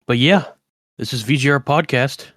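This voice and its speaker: A man's voice: mid-range voice, normal speed, fairly bright tone, dry recording. A man co-hosting a video game podcast, talking in an easygoing, laid-back way. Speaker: podcast co-host. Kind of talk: casual chat.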